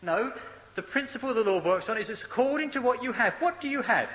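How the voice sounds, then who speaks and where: A man's voice: very high voice, lively intonation, fast talker, a bit bright, a little hiss or hum. A man preaching a sermon in a hall, emphatic and repeating key phrases for effect. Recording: echoey hall with long reverb.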